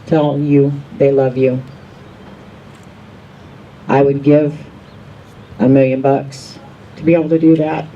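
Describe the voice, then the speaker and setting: A man speaking slowly and heartfelt at an assembly, heard from a distance over muffled audio. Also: medium pitch, flat delivery, a little hiss or hum.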